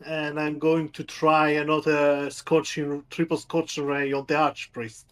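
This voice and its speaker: A man's voice: on the high side, monotone, measured pace. A man playing a tabletop game, upbeat, calling out rolls. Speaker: player.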